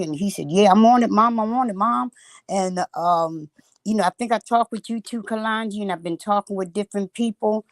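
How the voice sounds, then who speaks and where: A woman's voice: on the low side, darkish tone, dry recording. Older woman, earthy and plainspoken, very dry close sound, video call guest. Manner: earthy, plainspoken, laughs easily. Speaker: activist guest. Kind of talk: casual call remarks.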